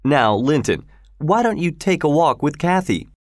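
A man's voice: a little high, very animated, moderate pace, dry recording, clean studio sound, pitched above the performer's own voice. A man voicing a cruel, scheming middle-aged landowner in a read-aloud story, with a cold, mocking manner.

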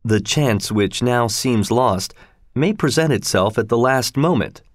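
A man reads as a composed, courteous gentleman traveller from a storybook, speaking with formal politeness. The voice sits in a middle register and sounds dry and close, with no room sound around it. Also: medium pitch, expressive, measured pace, dry recording, close to an everyday voice.

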